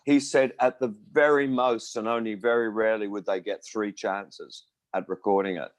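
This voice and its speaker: Rambling older man, low dry voice. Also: fairly even intonation, normal speed, dry recording. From Australia. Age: 60s. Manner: rambling storyteller, acts out quoted voices. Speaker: musician guest. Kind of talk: casual interview chat.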